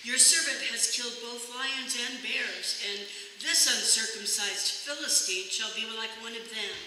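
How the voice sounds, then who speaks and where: A reader takes a long scripture passage at a steady, measured pace in a bright voice. The sound comes from a distance in a reverberant church hall, with a faint hiss behind it. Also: mid-range voice. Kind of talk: reading scripture aloud. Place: church sanctuary. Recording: echoey church hall from afar.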